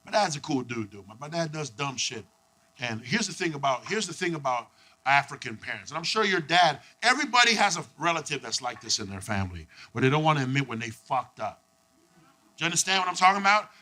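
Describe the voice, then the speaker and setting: A man doing a stand-up comedy set on a club stage, animated and profane, acting out people in his stories. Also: a little high, quick pace. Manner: animated, profane, acts out voices.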